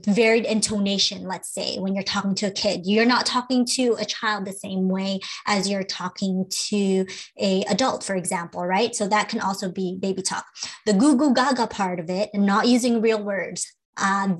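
A woman hosting a podcast as a speech-language pathologist, explaining language development to parents in a casual, advice-giving way with some fillers. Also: medium pitch.

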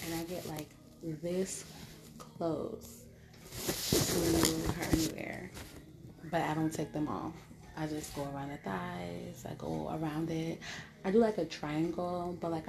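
A woman's voice: low-pitched, gravelly, heavy background noise. A woman telling a candid story to her viewers in a casual, blunt way, with a lot of "like". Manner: candid, blunt, heavy use of filler "like".

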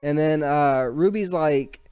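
Casting: young male podcast host, rambling and filler-heavy, slightly higher voice. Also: slow, a little mellow, clear, resonant tone, soft background music. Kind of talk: casual chat.

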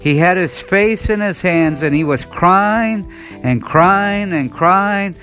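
A man's voice: sits high, slow pace, sharp tone. A man from the United States preaching a sermon, telling a personal testimony in an earnest storytelling way with many "and, uh" restarts. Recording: faint guitar music behind.

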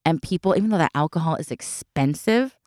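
Woman storyteller, low smooth voice, dry close sound, animated anecdotes. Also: a little fast, no room sound. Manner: animated, acts out quotes, swears. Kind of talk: casual storytelling chat.

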